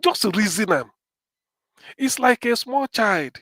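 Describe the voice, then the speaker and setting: A man with a Nigerian accent giving animated live-stream political commentary, switching between English and Pidgin. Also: high voice, slow pace, no echo.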